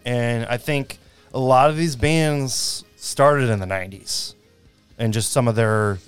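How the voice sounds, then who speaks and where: A man in his thirties co-hosting a podcast, chatting in a rambling way and quick to laugh. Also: medium pitch, clear, resonant tone, faint music behind. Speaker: podcast co-host. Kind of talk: casual chat.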